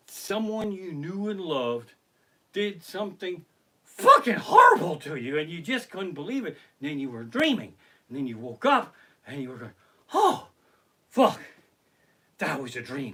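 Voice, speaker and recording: A middle-aged man does comic storytelling on a home live stream, swearing freely and acting out his tales. His voice sits a little high and sounds bright and forward. His pitch leaps around expressively. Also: measured pace. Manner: profane, animated storytelling. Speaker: comedian. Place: home living room. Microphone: basic home streaming setup.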